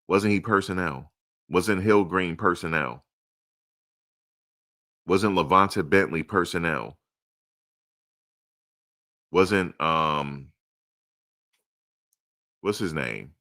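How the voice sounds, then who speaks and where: A man's voice: deep voice, bright, forceful tone. A man hosting a live sports stream, answering chat with emphatic, repeated rhetorical questions. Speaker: livestream host.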